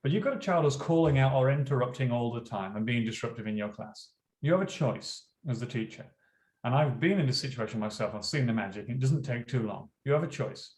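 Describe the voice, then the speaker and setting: A man's voice: mid-range voice, lively intonation, fairly quick, a little mellow. A man in his forties, a teacher and school principal, telling classroom stories in an earnest, conversational way during an interview. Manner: earnest, storytelling, acts out classroom dialogue. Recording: echoey room.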